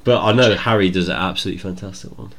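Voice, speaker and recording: A man's voice: low-pitched, racing, a bit bright. Blunt young man in casual banter. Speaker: podcast co-host. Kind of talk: casual chat.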